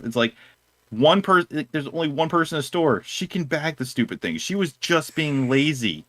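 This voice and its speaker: A man's voice: fairly high pitch, animated, moderate pace, fairly bright tone, no echo. A man co-hosting a casual chat, telling a rambling story and laughing through it. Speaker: co-host of a discussion stream.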